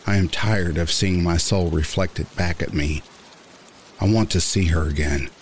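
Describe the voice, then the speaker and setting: A man reading a first-person horror story aloud in a measured, somber narration. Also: low voice, a little hiss or hum. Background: rain sounds.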